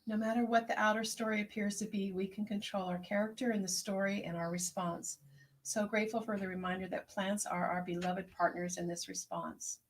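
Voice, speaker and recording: A woman herbalist hosting an online tea circle, speaking in a gentle, unhurried, prayerful way as she reflects and reads out messages. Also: medium pitch, level tone. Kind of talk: reflective spoken meditation and chat reading.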